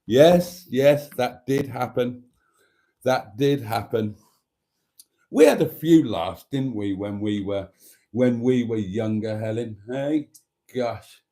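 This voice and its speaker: Man, British accent, camp theatrical live stream host, teasing banter, stuffy nose, mellow tone. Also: medium pitch, slow. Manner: camp, theatrical, teasing, calls viewers darlings. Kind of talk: casual live stream chat.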